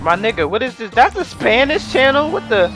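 A young man casually commenting on his own gameplay, rambling and profane, breaking into excited shouts. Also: very high voice, brisk. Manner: rambling, profane, bursts into excited yelling and laughter. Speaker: gamer narrating his gameplay. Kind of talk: casual let's-play commentary. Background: game music and sounds.

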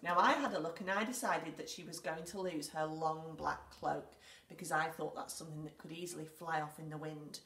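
A woman with an English accent teaching a recorded lesson for young children, clear, patient and encouraging. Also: sits low, steady tone, fairly quick, hardly any pauses, a bit bright, distant mic. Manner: clear, patient and encouraging, reads story lines aloud with emphasis. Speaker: primary school teacher. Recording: echoey room, speaker away from the mic.

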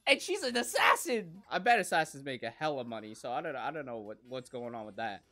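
Animated woman reacting to anime. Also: rumbling low, brisk. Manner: swings from soft cooing to loud squealing, swears a lot. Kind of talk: excited reaction commentary.

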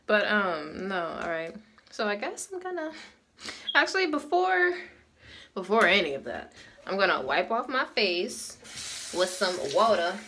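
Lively, candid woman vlogging from her phone. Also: mid-range voice, measured pace, slight background noise. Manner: candid, swears freely, frequent laughter. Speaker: beauty vlogger. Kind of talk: casual get-ready-with-me chat. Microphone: phone camera.

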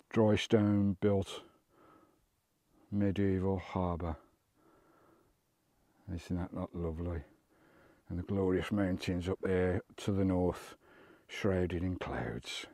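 British male vlogger outdoors, warm low voice, a bit winded, gushing over scenery. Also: no room sound. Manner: chatty, exclaims at scenery. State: out of breath. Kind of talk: walking travel vlog commentary. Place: outdoors on a coast.

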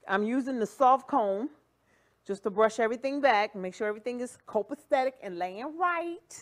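A woman's voice: a little high, expressive, normal speed. A woman hosting a livestream wig demonstration, playful and chatty, joking and cheering viewers on with catchphrases. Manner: playful, sings and jokes, hype catchphrases. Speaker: wig shop host. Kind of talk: livestream product demo.

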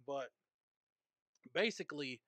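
A man with a mid-pitched voice steadily walks through a football play on a podcast. He reads quotes aloud and explains them. The studio sound is dry and close. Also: lively intonation, takes it slowly, fairly bright tone, no echo. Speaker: podcast host. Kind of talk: casual sports talk.

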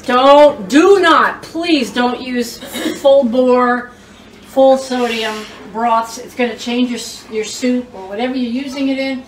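Speaking slowly in a voice on the high side, this woman runs a home cooking show from her kitchen. She's chatty and exclamatory, letting out squeals when a dish comes out well; the audio sounds roomy and distant, with hiss underneath.

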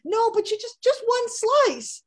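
A woman's voice: very animated, unhurried, exaggerated voice. A woman putting on her insistent mother, who keeps pushing cheesecake on her. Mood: nagging. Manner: high insistent nagging. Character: pushy older mother offering cheesecake.

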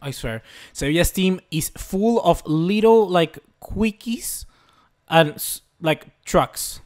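Young man, high voice, excitable gaming commentary, frequent swearing. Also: takes it slowly. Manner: excitable, swears often, yells at the game. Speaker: gaming YouTuber. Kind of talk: live commentary over his own game.

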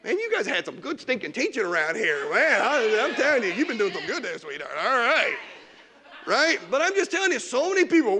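A man preaching a lively sermon as pastor in a church, teasing the congregation and mocking whiny complainers. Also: extremely high pitch, a little fast, slightly rough. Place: church sanctuary.

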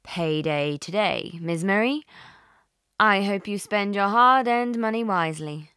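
A woman's voice: medium pitch, a bit bright, smooth, no room sound, clean studio sound, voice pushed up, lightly acted. A woman doing a smug, needling boss. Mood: smarmy. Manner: slow, smarmy and patronizing.

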